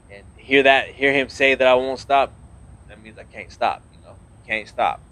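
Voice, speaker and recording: A man's voice: mid-range voice, moderate pace, fairly bright tone, slight background noise. A man in his thirties, a naval officer, talking earnestly in a casual podcast interview, rambling with many restarts.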